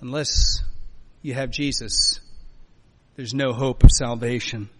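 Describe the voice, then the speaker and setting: A man preaching a sermon as a pastor, emphatic, swinging between loud urging and quiet, soft lines. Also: medium pitch, steady tone, slow pace. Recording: long hall reverb.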